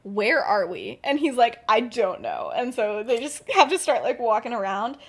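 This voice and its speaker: A woman's voice: fairly high pitch, sing-song, moderate pace, slightly rough. A young woman casually retelling a story on a podcast, full of fillers and acted-out lines. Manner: rambling, filler-heavy, acts out characters with laughs. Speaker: podcast co-host.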